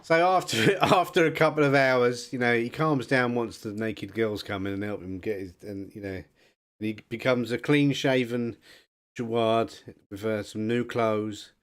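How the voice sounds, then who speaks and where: A man narrating as game master in a tabletop game, relaxed and easygoing. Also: mid-range voice, measured pace.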